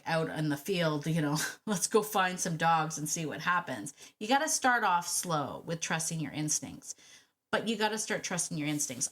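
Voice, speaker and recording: Brief: woman dog-trainer host, slightly low voice, animated coaching talk, repeats points for emphasis. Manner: animated, repeats key phrases, acts out quick quoted thoughts; direct and encouraging, addresses listener as you. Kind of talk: solo podcast coaching talk.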